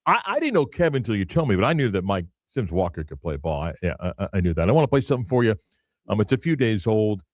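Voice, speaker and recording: A man hosting a sports radio show jokes and teases his co-host. His voice sits a bit low. The studio sound is dry and close. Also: very animated, fast, dry recording. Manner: teasing, joking banter. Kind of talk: casual radio chat.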